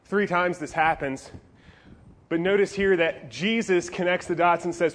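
A male pastor preaching to teenagers in an animated, jokey style with playful asides. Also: high voice, unhurried. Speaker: youth pastor. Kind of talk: youth sermon.

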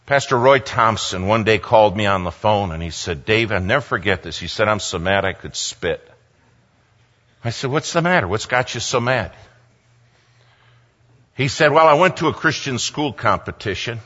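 A man preaching a sermon, swinging from loud exclamations to hushed near-whispers. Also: fairly low pitch, expressive, moderate pace, long pauses. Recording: long hall reverb, slightly dull sound.

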